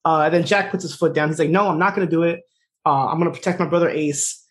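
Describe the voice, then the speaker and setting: Brief: quick, fairly high-voiced male podcast co-host, animated casual recap. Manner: quick, animated retelling with fillers and laughs. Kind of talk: casual chat.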